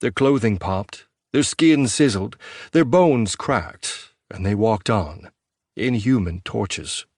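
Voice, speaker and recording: A man narrating a post-apocalyptic audiobook in a measured, even storytelling voice. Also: fairly low pitch, dry recording, clean studio sound.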